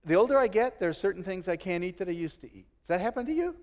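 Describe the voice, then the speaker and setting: A middle-aged man preaching a sermon, animated, acting out quotes and chuckling now and then. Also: high voice, rapid-fire, long reverb tail. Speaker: pastor.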